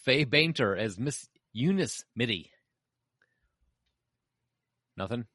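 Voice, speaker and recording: A man's voice: mid-range voice, expressive, slow pace, sharp tone, husky, dry recording, clean studio sound. A man hosting a casual podcast chat, reading out film credits and trailing off mid-sentence. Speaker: podcast host.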